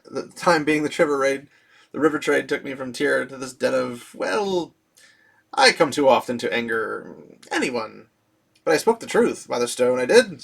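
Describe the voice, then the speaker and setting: A man voicing a gruff, greedy male riverboat captain who haggles and swears oaths, read in his own gravelly voice. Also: fairly high pitch, a bit bright.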